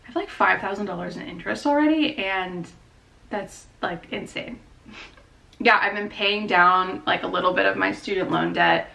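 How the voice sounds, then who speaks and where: Chatty young woman with a gravelly edge. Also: mid-range voice, moderate pace, bright, forceful tone, rough recording. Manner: chatty, rambling, upbeat with laughs. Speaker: law student vlogger. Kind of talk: casual vlog chat. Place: out and about, car and campus.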